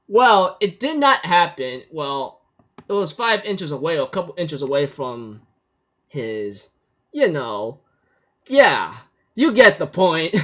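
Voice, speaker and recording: A man with a fairly high voice recaps an episode in a loose, chatty way. He laughs often and leans on fillers. The recording sounds dull and lo-fi. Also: fairly bright tone. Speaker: anime reviewer. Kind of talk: casual recap vlog.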